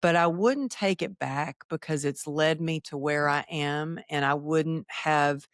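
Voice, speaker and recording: Low-voiced woman telling her story. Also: measured pace, dry recording, studio quality. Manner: animated, acts out quoted dialogue. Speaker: podcast guest. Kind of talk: personal storytelling in an interview.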